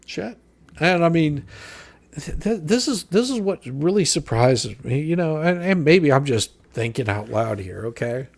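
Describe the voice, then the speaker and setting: A man's voice: a little high, sing-song, a little slow, gravelly. A man hosting a live stream, reading a legal filing aloud and answering each point with profane, sarcastic mockery. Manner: mocking, profane, sarcastic rebuttals.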